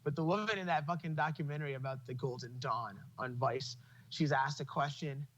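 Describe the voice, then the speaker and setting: A man's voice: on the high side, brisk, a bit bright, muffled recording. A man hosting a podcast in casual chat, swearing freely and laughing as he tells stories. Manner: profane, opinionated, laughs while telling stories. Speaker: podcast host.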